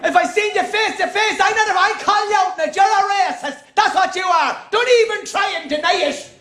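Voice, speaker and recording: Give me a man doing a loud, accusing young Irish lad with a high voice in an echoey hall. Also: fairly quick. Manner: shouting, defiant, boastful.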